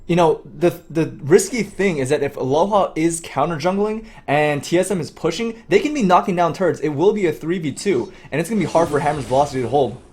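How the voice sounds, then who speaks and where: A man with a slightly high voice rattles off quick analysis during a live esports broadcast. He explains gold leads and strategy in a rapid, steady flow. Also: slightly rough. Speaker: esports co-caster.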